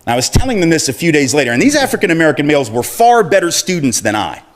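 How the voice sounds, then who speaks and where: Speaking very fast in a voice on the high side with big pitch swings, an activist addresses the public with a personal story. His delivery is conversational and self-deprecating, and he chuckles while acting out its voices.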